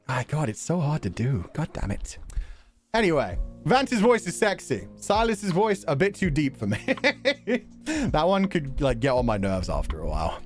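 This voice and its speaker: A male streamer chatting with his viewers in an easy, talkative way. His pitch moves around a lot, from low murmurs to bright high bursts. Faint music plays softly behind him. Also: very animated, normal speed. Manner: chatty, laughs often, reacts to chat and videos. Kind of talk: casual stream chat.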